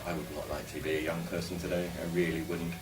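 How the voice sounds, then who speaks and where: Speaking quickly in a deep, level tone, this Englishman vlogs to camera in a loose, opinionated, musing style. His casual monologue is picked up from afar in an echoey room.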